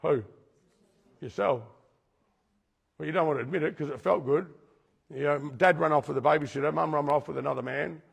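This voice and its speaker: Gravelly, husky man preaching in a hall. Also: fairly high pitch, brisk, long pauses. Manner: repetitive, questions the audience directly. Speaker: speaker teaching a recovery group. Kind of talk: preaching-style talk to a group. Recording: long hall reverb.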